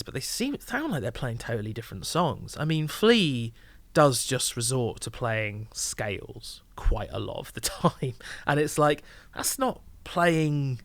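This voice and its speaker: A man co-hosting an album review chat, giving a measured, thoughtful critique with easy laughs. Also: medium pitch, a bit bright, dry recording. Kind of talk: casual chat.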